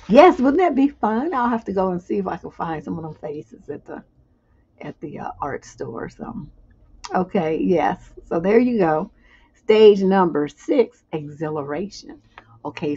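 Animated husky-voiced woman coach. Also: mid-range voice. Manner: animated, chatty, acts out little skits. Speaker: relationship coach. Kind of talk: casual livestream talk. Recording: dull muffled sound.

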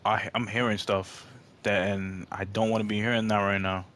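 Male gamer, let's-play commentary; jumpy, easily scared, low-ish voice. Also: little pitch movement, normal speed, fairly bright tone.

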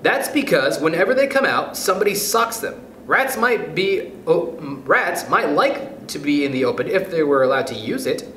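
A man reads a storybook aloud, voicing an earnest, fussy little male mouse who speaks solemnly and lectures. He pitches his voice above his own natural range, landing on the high side, with an expressive, bright, forceful delivery at a moderate pace and few pauses. The room is echoey, with faint background noise.

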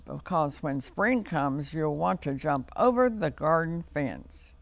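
A wise father rabbit giving advice in a children's storybook, as a man reading aloud plays him. He sounds steady and encouraging, and speaks slowly. His voice is gravelly throughout. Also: on the high side, no room sound, full character voice.

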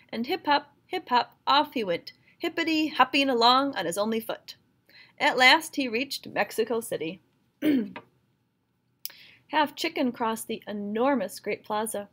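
A woman reading a folktale aloud with expressive, rhythmic storytelling. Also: fairly high pitch, unhurried.

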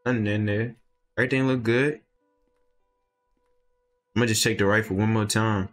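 Deep-voiced man doing gameplay commentary. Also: steady tone, moderate pace, soft background music. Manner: casual, reads game text aloud, sudden loud outbursts. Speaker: gameplay video host. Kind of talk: gaming commentary reading dialogue aloud.

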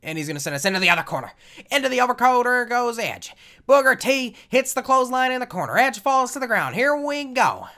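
A man putting on the voice of a hyped-up male wrestling play-by-play announcer, calling the action loudly and excitably. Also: quick pace, exaggerated voice. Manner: loud, booming, excitable calls.

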